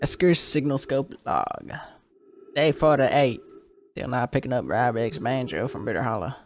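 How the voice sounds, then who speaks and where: A lonely alien lookout keeper talks in a slow, rural drawl, voiced by a man reading game text aloud. The tone stays dry and wry. The voice sits at an ordinary middle pitch for a man. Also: a little hiss or hum, natural voice. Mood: uneasy. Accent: put-on rural drawl.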